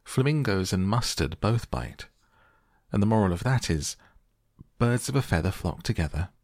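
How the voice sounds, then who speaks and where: A man's voice: on the low side, animated, moderate pace, a little mellow, dry recording, clean studio sound. A man voicing a pompous, moralizing older female duchess in a storybook reading. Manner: fussy, agreeable, moralizing.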